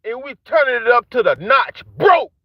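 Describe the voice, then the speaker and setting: High-pitched man ranting angrily. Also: big pitch swings, normal speed, no echo. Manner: heated, repetitive, taunting. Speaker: vlogger ranting at rappers. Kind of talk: angry street-talk rant to camera. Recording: dull dry lo-fi sound.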